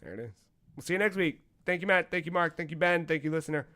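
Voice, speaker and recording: A man with a slightly raised pitch hosts a laid-back gaming podcast. He jokes around and laughs often, in a loose, conversational way. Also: fast, pushed and bright. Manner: joking, laughs often, wraps up the show. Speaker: podcast host. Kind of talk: casual podcast chat.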